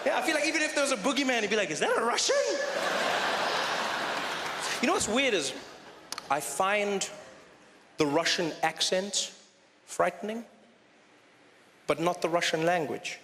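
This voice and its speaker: A man doing live stand-up comedy, telling self-deprecating stories with animated delivery. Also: high-pitched, moderate pace, pauses often, noisy background. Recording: live show in a reverberant hall with crowd ambience.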